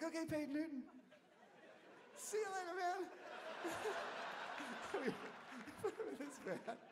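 A man telling a rambling story from the stage of a concert hall, animated and laughing, shouting out the lines he quotes. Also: high voice, creaky. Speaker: musician telling stories on stage. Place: concert hall, live audience. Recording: audience tape in a reverberant hall, faint noise.

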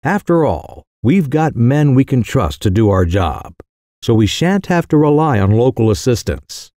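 A man voicing a sly young mischief-maker who delivers outrageous news in a calm, careless, mock-serious way. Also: medium pitch, unhurried, no room sound, clean studio sound. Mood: cool, mock-grave.

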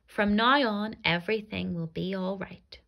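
Gentle storybook dad read by a lady, kind and lively, bright tone. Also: on the high side, measured pace, exaggerated voice. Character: gentle, loving father of two children.

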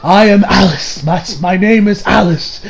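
A man's voice: high voice, a little slow, vocal fry. A man doing a stern female knight. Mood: cold.

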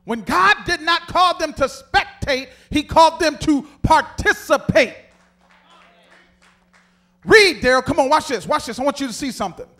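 A man preaching an animated sermon and calling on the congregation to read along. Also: very high voice, moderate pace. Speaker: pastor.

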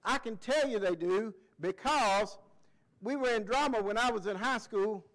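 A male pastor preaching a folksy, excitable sermon, often breaking into shouted cheers. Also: high-pitched, moderate pace, poor audio.

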